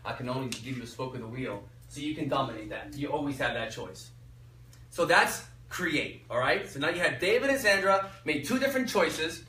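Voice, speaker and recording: A man with a bright, slightly high voice coaches a live audience, pausing to let them finish his sentences. The mic sits some way off, so his voice carries a roomy echo over faint background noise. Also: recorded from a distance. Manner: energetic, quizzes the audience with fill-in questions. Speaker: workshop speaker. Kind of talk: motivational workshop talk. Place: echoey workshop room.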